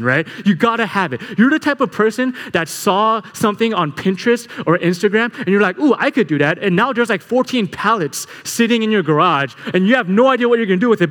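A young man telling a story to a live audience, energetic and full of "like" fillers. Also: sits high. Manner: energetic, filler-heavy with constant "like". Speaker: speaker at a live talk. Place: large hall. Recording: echoey hall reverb.

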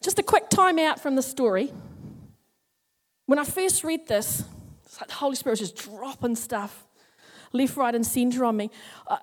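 High-voiced animated woman preacher. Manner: chatty, animated, acts out characters. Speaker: Bible teacher. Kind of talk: sermon.

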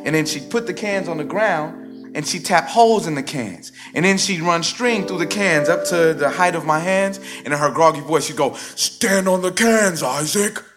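A man performing a personal story live on stage, with a rhythmic, theatrical delivery that swings sharply in pitch and loudness. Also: moderate pace. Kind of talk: live spoken-word storytelling. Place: stage before a live audience. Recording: live stage recording with music bed underneath.

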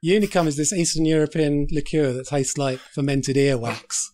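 A man hosts a podcast in a casual chat about films. His voice sits a little high for a man. He swears freely, jokes and laughs a lot. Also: steady tone, normal speed, darkish tone, faint music behind. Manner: sweary, joking, laughs often. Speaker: podcast host. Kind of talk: casual film-review chat.

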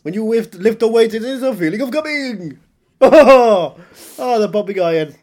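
A man putting on a cocky Austrian bodybuilder-actor impression, loud and laughing. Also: sits high, lively intonation, voice pushed up. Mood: boastful. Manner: loud, laughing, drawn-out boasting.

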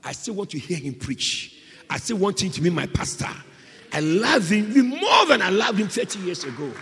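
Male pastor mid-sermon, impassioned, high and swooping voice, ringing church reverb. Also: big pitch swings, moderate pace, a faint crowd, a little hiss or hum. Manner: impassioned, surging from hushed to shouting.

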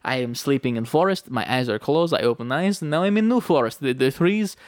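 A man's voice: medium pitch, expressive, no echo, clean studio sound, close to an everyday voice. Man doing a vague foreign-accented charlatan monk. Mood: bewildered. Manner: slow, broken speech with a made-up foreign accent.

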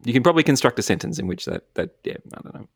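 A man's voice: medium pitch, very animated, racing, vocal fry, no echo, clean studio sound. A man with an Australian accent, a philosopher guest chatting casually, rambling and self-deprecating with frequent laughs. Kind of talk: casual chat.

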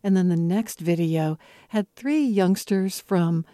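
A woman with a mellow, warm-toned voice leads an interview. She asks questions and praises what she hears. The recording is dry and close. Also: on the low side, takes it slowly, no room sound. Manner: appreciative, enthusiastic questions. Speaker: interviewer, host.

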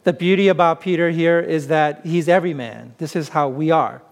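A pastor delivers his sermon in a fairly high male voice. He keeps it conversational, working through the text by putting rhetorical questions to his listeners. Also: moderate pace, vocal fry.

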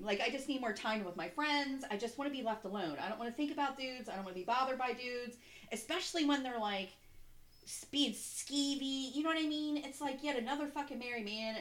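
A woman's voice: fairly high pitch, fairly bright tone. A young woman co-hosting a casual podcast, talking in a candid, rambling way. Her sentences are full of fillers and restarts. She swears freely as she goes. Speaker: podcast co-host. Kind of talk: casual chat.

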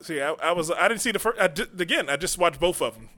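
A man co-hosting a comedy podcast in casual banter, loud and animated, slipping into movie impressions. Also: on the high side, quick pace. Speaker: podcast co-host. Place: podcast studio.

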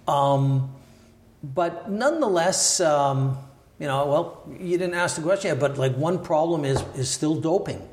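An older man from Canada reflects at length as an interview guest, circling back on his points with restarts and careful hedges. His voice sits a little high for a man. The room around him rings with echo. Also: unhurried, darkish tone. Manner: thoughtful, hedging, many restarts and asides. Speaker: podcast guest, former Olympic wrestler and sports lawyer. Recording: roomy echoey room.

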